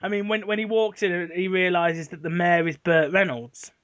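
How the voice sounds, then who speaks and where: A man in his twenties hosting a casual gaming chat, retelling game moments in an animated, rambling way. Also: high voice, moderate pace. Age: 20s. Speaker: channel host. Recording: dull lo-fi recording.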